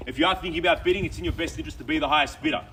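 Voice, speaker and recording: An Australian man working as an auctioneer, calling bids in a quick, persuasive patter at an outdoor property auction. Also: on the high side. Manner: fast, persuasive auction patter with repeated bid calls. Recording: distant outdoor mic with background noise.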